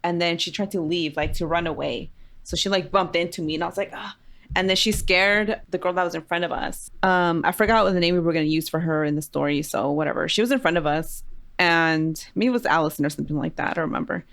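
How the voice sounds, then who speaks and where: A woman's voice: lowish voice, quick pace, creaky, fairly bright tone. A woman co-hosting a podcast, telling stories in a laid-back, dry way and mixing in Spanish. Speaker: podcast co-host. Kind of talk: casual chat.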